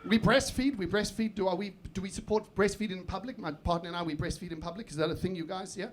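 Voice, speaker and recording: A man doing live stand-up on a comedy club stage, swinging from muttered asides to shouted outbursts. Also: high voice, fast. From South Africa. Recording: live club recording with crowd laughter. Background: audience laughter.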